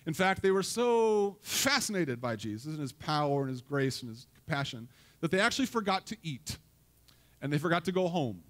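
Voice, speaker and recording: A pastor giving a conversational, joking sermon to a church congregation, telling stories and putting questions to the listeners. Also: male voice, fairly high pitch, sing-song, moderate pace.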